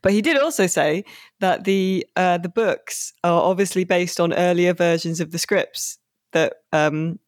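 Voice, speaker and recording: A man's voice: sits high, measured pace, no room sound. Man hosting in a dry, close sound. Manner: hesitant, many fillers, dry wit. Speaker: podcast host. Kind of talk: casual chat.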